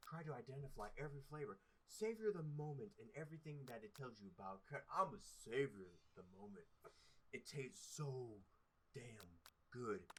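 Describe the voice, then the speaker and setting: Playful man reading a dating game. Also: mid-range voice. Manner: playful, exaggerated reading with sudden loud bursts. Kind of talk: let's play commentary.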